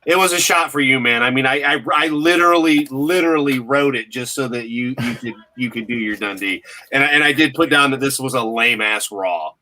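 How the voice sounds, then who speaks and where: A man's voice: mid-range voice, fairly quick, hardly any pauses, bright, forceful tone. A man hosting a podcast, chatting in a laid-back, agreeable way. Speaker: podcast host. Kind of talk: casual chat.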